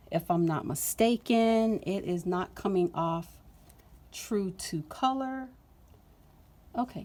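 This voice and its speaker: A woman vlogger chatting casually to camera while unboxing, gushing and excitable with drawn-out exclamations. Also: mid-range voice.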